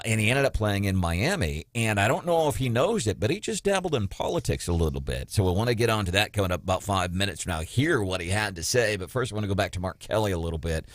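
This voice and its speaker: A man hosting a political talk radio show, animated and mocking, slipping into quoted voices as he chats with his co-host. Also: lowish voice, no room sound, clean studio sound.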